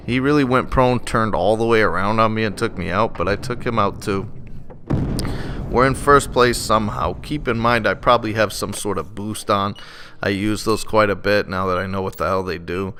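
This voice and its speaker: A man giving gameplay commentary as a voice-over, excitable and swearing freely as he rants about the match. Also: on the low side, normal speed. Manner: excitable, profane, frustrated ranting. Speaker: gaming channel host. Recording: noisy background.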